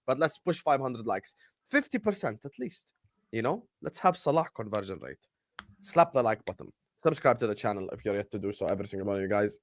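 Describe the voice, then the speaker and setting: A man's voice: fairly low pitch, big pitch swings, a little fast, no room sound, studio quality. A young man hosting a casual football chat, bantering with his co-hosts and reading fan messages aloud. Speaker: podcast host.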